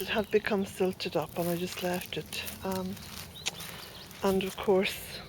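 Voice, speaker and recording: Strolling through her rural garden, this middle-aged Irish smallholder vlogger from Ireland chats casually on camera, a little breathless. Between quiet asides she shouts to her dog now and then. Her pitch is medium, and the outdoor camera audio is noisy.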